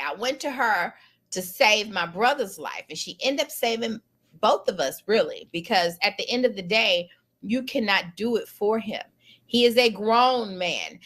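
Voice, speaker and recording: A middle-aged woman tells a personal story with animated, emphatic energy. Her voice sits a little high and rings bright and forceful. She talks in a loose, colloquial way, leaning hard on the key points. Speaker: lawyer telling a personal story.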